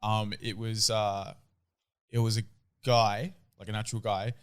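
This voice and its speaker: A man's voice: lowish voice, a little slow, clear, resonant tone. A young man, co-hosting a podcast, telling crude stories with lots of swearing. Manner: crude, animated storytelling with heavy swearing. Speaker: podcast co-host. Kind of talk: casual chat.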